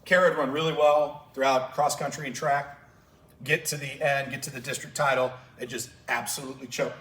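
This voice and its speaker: A man's voice: medium pitch, little pitch movement, brisk, fairly bright tone. A man who coaches track and field, telling stories to fellow coaches at a clinic with passion and open emotion. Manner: passionate storytelling, gets emotional. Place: large conference room. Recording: echoey room, voice far from mic.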